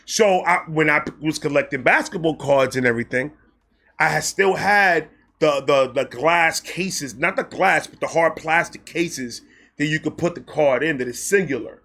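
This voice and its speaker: A man telling a personal story in a casual vlog, excitable, animated and full of profanity. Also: fairly high pitch, moderate pace. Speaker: storyteller host.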